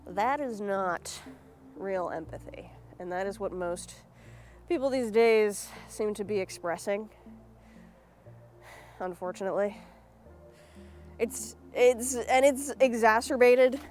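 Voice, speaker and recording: An American woman giving blunt, sarcastic solo commentary as a vlogger, swearing freely. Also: mid-range voice.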